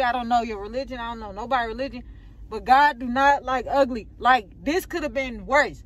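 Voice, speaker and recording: A woman's voice: on the high side, normal speed. A young adult woman vlogging a rambling, shaken rant from her car, repeating herself as she vents. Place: in or by a car on a road. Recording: outdoor road noise.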